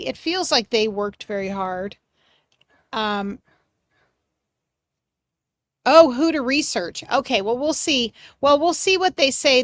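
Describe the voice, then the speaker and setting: A woman hosting a live mediumship reading for her chat, gentle and reassuring, searching for words with many pauses and fillers. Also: fairly high pitch, dry recording, clean studio sound. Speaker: medium and livestream host.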